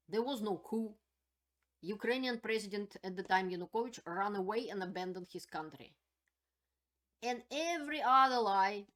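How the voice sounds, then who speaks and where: A woman's voice: mid-range voice, a bit bright. A woman hosting her own channel, giving spoken political commentary in an indignant, emphatic way and repeating her points.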